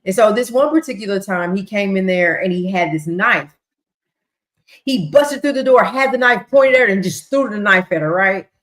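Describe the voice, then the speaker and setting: A woman's voice: medium pitch, animated, normal speed, fairly bright tone. A woman hosting a livestream, casually recapping court testimony and acting out quotes as she goes. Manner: chatty, retells with voiced quotes and ad-libs. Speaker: livestream host. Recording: roomy echo.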